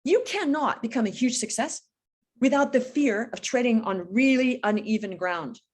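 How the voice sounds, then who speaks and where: Woman in her fifties, business coach guest, lively swooping intonation, fairly high voice, energetic and emphatic. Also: normal speed. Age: 50s. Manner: energetic, emphatic, animated storytelling. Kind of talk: podcast interview.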